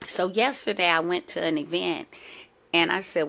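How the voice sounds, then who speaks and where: A woman's voice: fairly low pitch, normal speed, gravelly, fairly bright tone. A woman hosting a podcast, telling a casual story full of asides and self-corrections. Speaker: podcast host. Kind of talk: casual chat.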